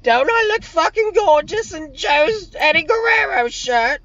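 A man's voice: sing-song, a little slow, bright, forceful tone, distant mic, muffled recording, full character voice. A man putting on the voice of a chirpy, playful young British woman. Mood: squealing. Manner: squealing, shrill, playful.

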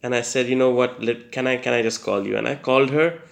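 A young man with a gravelly, creaky edge to his voice tells his personal story in an earnest, halting way. He stumbles through fillers and restarts and laughs at himself now and then. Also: medium pitch, fairly even intonation. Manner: hesitant, many fillers and restarts. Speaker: testimony speaker. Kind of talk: personal testimony.

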